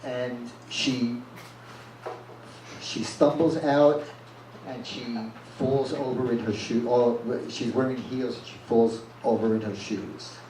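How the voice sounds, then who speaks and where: A man's voice: medium pitch, fairly even intonation, slow, darkish tone. Blunt male storyteller at a live reading, plain-spoken; echoey room, distant mic, noisy. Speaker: reader at a live reading series. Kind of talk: reading a first-person story aloud. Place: live reading event venue. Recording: echoey room from far off, with noise.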